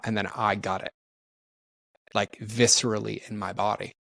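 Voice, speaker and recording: A man's voice: on the low side, little pitch movement, fairly quick, a bit bright, dry recording. A middle-aged man, a personal development trainer, telling a candid story as a podcast guest and animatedly acting out quoted dialogue.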